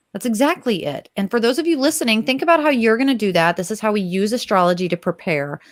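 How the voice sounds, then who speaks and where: A woman co-hosting an astrology podcast, talking in an animated, enthusiastic and rambling way. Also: medium pitch, no echo. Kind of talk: casual chat.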